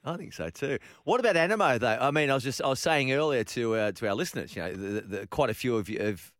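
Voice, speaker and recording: A man's voice: mid-range voice, animated, fast, fairly bright tone, no room sound, studio quality. An Australian man hosting a sports radio show, chatting casually and joking, with frequent restarts. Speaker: radio host.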